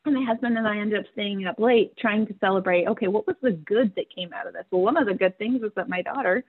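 Appearing as a podcast guest, a woman in her forties candidly shares a personal family story, earnest and emotional, frequently laughing as she talks. Her voice is medium-pitched and husky, and she speaks quickly. The line sounds thin and tinny, like a phone.

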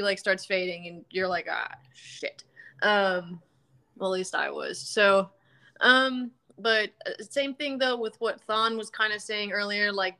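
A woman's voice: medium pitch, sharp tone, clean tone. A woman hosting a podcast in casual chat, talking loosely with lots of ums and casual swearing. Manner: chatty, swears casually, many fillers. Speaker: podcast host.

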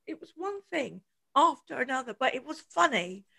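A woman co-hosting a podcast speaks at normal speed in a high, creaky, husky voice. Her storytelling is a casual, animated chat, with lots of laughter and quotes acted out.

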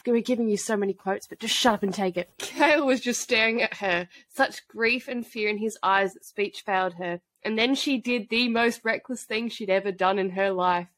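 A woman co-hosting a casual book podcast who retells scenes in an animated way and acts out the characters' lines. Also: medium pitch, no room sound. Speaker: podcast co-host.

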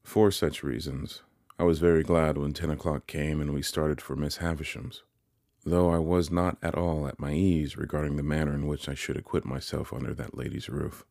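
Very deep-voiced male audiobook narrator. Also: flat delivery, normal speed, gravelly, darkish tone, no echo, studio quality. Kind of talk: scripted narration of a classic novel.

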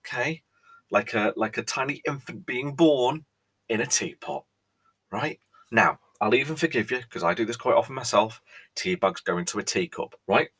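A man's voice: fairly low pitch, fairly bright tone, slightly rough. A British man hosting a podcast, delivering a theatrical, mock-outraged monologue that keeps checking in with "right?". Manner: theatrical, exasperated, pausing, repeats "right?". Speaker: podcast host.

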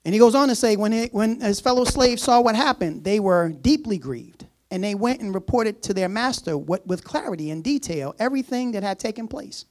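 Preaching a sermon, a man reads scripture aloud, breaks in with laughing asides, and renders the servant's speech in a low, casual voice. He's animated and a little fast, barely pausing, with a darkish tone.

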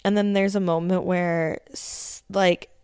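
Podcast lady w a low smooth voice, super chatty, lots of likes and cussing, dry close sound. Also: level tone, unhurried, a little mellow, no room sound. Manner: chatty, filler-heavy, swears freely. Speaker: podcast host. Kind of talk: casual episode recap commentary.

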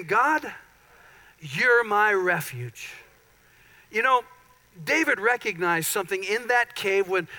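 A high-pitched male pastor delivers a sermon in a church. His voice is bright and ringing, and he keeps things playful with self-deprecating asides between passages of scripture. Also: low-quality recording. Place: church sanctuary.

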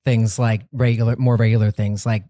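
A man answering as a guest in a casual podcast interview, relaxed and easygoing. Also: lowish voice, a little fast, no room sound, studio quality.

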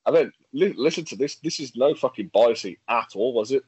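A man's voice: medium pitch, brisk, breathy edge, no room sound, muffled recording. Guy chatting on a podcast, dry close sound, lots of restarts. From England. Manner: animated, reads facts aloud, frequent restarts and laughs. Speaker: podcast co-host. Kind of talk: casual chat.

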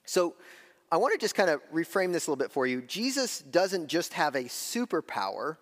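A man preaching a sermon as pastor, talking in a conversational way, with slow, weighty phrases broken up by quick asides. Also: on the high side, very animated, a bit bright, big-room sound.

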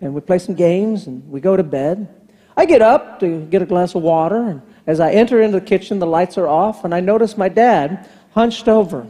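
Man in his fifties, pastor, high mellow voice, storytelling sermon, long church reverb. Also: expressive, moderate pace. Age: 50s. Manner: storytelling preacher who acts out family dialogue. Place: large church hall. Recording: long hall reverb from the sanctuary.

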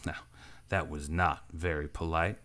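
A man's voice: on the low side, fairly bright tone, clear, resonant tone, close to an everyday voice. Male narrator doing a cool swaggering outlaw woman, lazy drawl, amused, storybook. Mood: menacing. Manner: drawling frontier talk, slow and teasing.

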